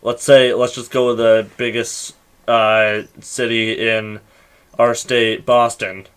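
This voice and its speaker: A man's voice: mid-range voice, little pitch movement, slow, fairly bright tone, clean tone. A young man from Massachusetts co-hosting a casual podcast, explaining things in a teasing, playful way. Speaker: podcast co-host. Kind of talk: casual chat.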